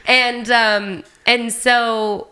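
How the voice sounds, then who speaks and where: A woman in her thirties, a guest on a podcast, telling a story in a lively, casual way full of "like.". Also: fairly high pitch, clean tone. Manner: animated, fast, peppered with "like". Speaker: podcast guest, Olympic athlete.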